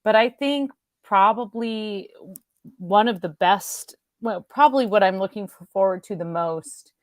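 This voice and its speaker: A woman's voice: mid-range voice, measured pace, no echo, clean studio sound. Reflective woman guest on a talk show. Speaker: author guest. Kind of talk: casual conversation.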